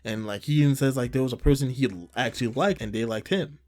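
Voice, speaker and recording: A man recapping a manga chapter in a casual way, retelling each scene and slipping into quick quoted lines. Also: mid-range voice, darkish tone.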